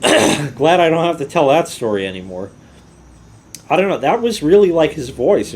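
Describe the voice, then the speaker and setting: A man's voice: medium pitch, darkish tone, a little hiss or hum. A middle-aged man hosting his own channel, telling a workplace story in a loose, casual way and swearing freely. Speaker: host.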